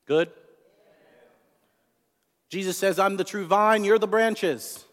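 A man preaching a sermon in an animated way, repeating words and asking the congregation questions. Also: high-pitched, takes it slowly. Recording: long hall reverb.

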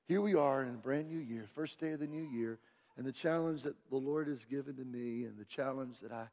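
A man preaching a sermon as pastor, swinging from quiet asides to loud, shouted climaxes. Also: medium pitch. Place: church sanctuary. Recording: long church hall reverb.

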